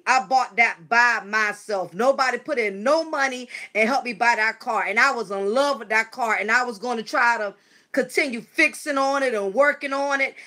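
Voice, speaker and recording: Bright-voiced woman vlogging casually. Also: a little high. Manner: chatty, emotional, addresses viewers as y'all. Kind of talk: casual talk to camera.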